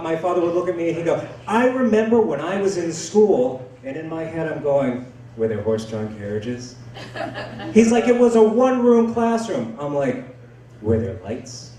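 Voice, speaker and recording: A man's voice: high-pitched, warm tone. A man doing a stand-up set, joking crudely and self-deprecatingly with the crowd from a comedy club stage. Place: comedy club stage before a live audience. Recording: roomy club sound from far off.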